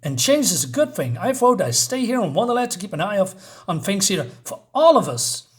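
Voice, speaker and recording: A man reading the lines of a sly, smooth-talking male cat who tries to talk his way into staying. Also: high voice, sing-song, a little fast. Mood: wheedling. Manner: wheedling, persuasive.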